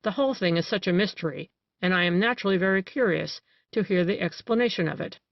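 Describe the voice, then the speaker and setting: An ironic male doctor, put on by an audiobook reader, switching between a soothing bedside tone and sharp mockery. The voice sits mid-pitch, recorded dry and a little dull. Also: quick pace, creaky, dry recording, close to an everyday voice. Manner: soothing, then sharply mocking.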